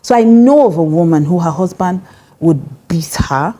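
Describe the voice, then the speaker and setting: Low-voiced Nigerian woman pastor, emphatic. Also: expressive, normal speed, dark tone. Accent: Nigerian English. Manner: emphatic, direct, laughs often. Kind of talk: conversational marriage teaching.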